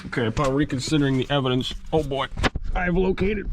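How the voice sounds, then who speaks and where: A man's voice: on the high side, quick pace. Rambling young man fixing his car. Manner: rambling, joking, talks to himself as he works. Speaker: vlogger. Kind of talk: casual narration while repairing a car. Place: in and around a car, near a garage. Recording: noisy background with clicks.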